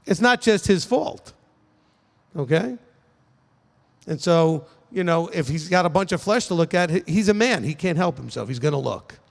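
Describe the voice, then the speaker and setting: A man's voice: fairly high pitch, lively intonation, normal speed, creaky, long reverb tail. A man teaching as a rabbi, speaking casually to a congregation and often checking in with "okay?". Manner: conversational, frequent "okay?" check-ins, emphatic. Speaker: rabbi answering questions.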